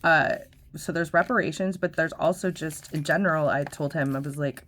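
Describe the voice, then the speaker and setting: Woman vlogger, middle-aged, casual, swears a lot, slightly low pitch, rambling storytelling. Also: moderate pace, a bit bright. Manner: chatty, profane, laughing, many fillers and restarts. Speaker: vlogger host.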